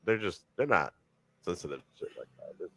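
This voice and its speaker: A man co-hosting a podcast in casual chat, rambling and animated, with many restarts and slang. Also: low-pitched, a little fast, no room sound. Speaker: podcast co-host.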